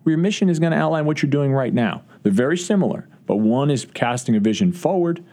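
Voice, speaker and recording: A man's voice: on the high side, expressive, fast, warm tone. A man who is a college football coach, answering interview questions earnestly, with frequent restarts and fillers. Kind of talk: podcast interview.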